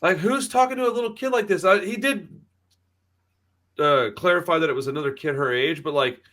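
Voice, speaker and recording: A man's voice: on the high side, fairly quick, fairly bright tone. A man in his thirties, a podcast co-host, chatting casually and telling stories with lots of swearing, acting out the people he quotes. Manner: profane storytelling, acts out quoted voices. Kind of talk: casual chat.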